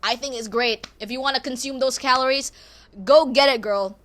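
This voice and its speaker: A woman hosting a podcast, rambling through a casual, expressive, self-deprecating monologue. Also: high-pitched, moderate pace. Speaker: podcast host.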